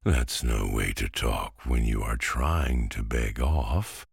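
A man's voice: a bass voice, takes it slowly, creaky, husky, no echo, clean studio sound, heavily acted. A man voicing a cheery, bossy talking pumpkin in a storybook reading, speaking in a coaxing, persuasive way.

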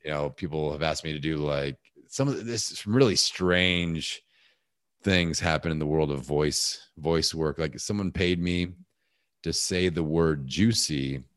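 A man with a big, deep voice, talking casually as a guest in a podcast interview and telling animated stories. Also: measured pace, dry recording, clean studio sound. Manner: animated storyteller, acts out voices.

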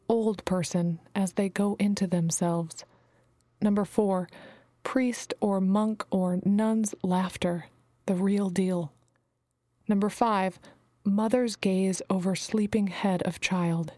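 A woman reading a novel aloud in measured, even storytelling narration. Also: mid-range voice, no room sound, studio quality. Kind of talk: scripted audiobook narration.

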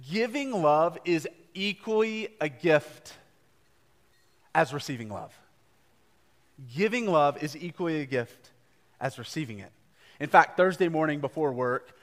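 Earnest young pastor in a reverberant church. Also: male voice, mid-range voice, a bit bright. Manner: conversational, earnest, with asides to the congregation. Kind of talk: live sermon. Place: church gathering before a congregation. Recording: live church recording with long hall reverb.

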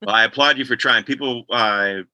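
An older man from Boston telling stories in a casual chat, animated and slipping into voices as he recounts events. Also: medium pitch, fairly quick, no room sound, poor audio. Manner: animated storyteller, slips into voices. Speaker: podcast guest.

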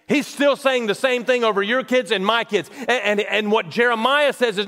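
A man preaching a sermon as pastor, impassioned, dropping to hushed low tones and rising to loud declarations. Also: moderate pace, few pauses. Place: church sanctuary. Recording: long reverb of a large hall.

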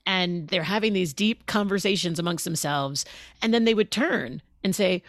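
A woman interview guest talking in a conversational way, expressive and laughing as she speaks, acting out the words of others. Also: fairly low pitch, moderate pace, no echo, studio quality. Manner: expressive, laughs as she talks, acts out quotes.

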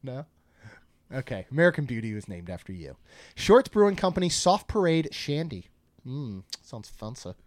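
A man's voice: mid-range voice, very animated, normal speed, darkish tone, no room sound. A man co-hosting a casual podcast, chatting and joking while reading out a food menu. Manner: chatty, jokey, reads menu items aloud. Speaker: podcast co-host.

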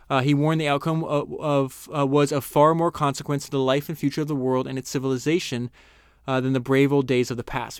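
A man hosting a podcast, reading passages from a book aloud and breaking off to comment earnestly and enthusiastically, slowing down for the key lines. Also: medium pitch, clear, resonant tone, dry recording, clean studio sound. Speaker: podcast host.

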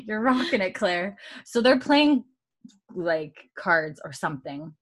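A woman's voice: lowish voice, very animated. A woman co-hosting a podcast, giggling as she recaps a show and briefly puts on the characters' voices. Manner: giggly, acts out characters' lines in quick voices. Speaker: podcast co-host. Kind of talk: casual podcast recap chat.

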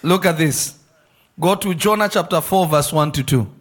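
A man preaching a lively sermon in a church, shouting and acting out voices. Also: on the high side, normal speed. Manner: animated, shouting and acting out quotes, laughing.

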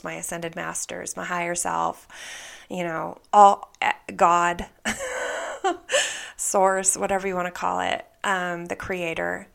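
A woman telling a personal spiritual story in an earnest, soft way, often dropping into a whisper. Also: fairly low pitch, gravelly. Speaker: spiritual vlogger.

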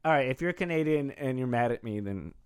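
A man co-hosting a podcast, chatting casually, joking, laughing often and quickly taking back his teasing. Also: medium pitch, lively intonation, clean tone. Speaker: podcast co-host.

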